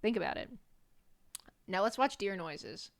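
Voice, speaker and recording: A woman's voice: mid-range voice, very animated, measured pace, creaky. A young woman streaming as a VTuber, chatting casually and playfully with her chat, laughing often and swearing freely.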